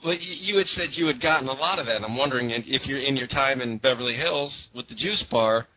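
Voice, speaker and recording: A man's voice: medium pitch, fairly quick, slightly rough, highs cut off. A man hosting a casual interview, asking loose, chatty questions with a laugh. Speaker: podcast host.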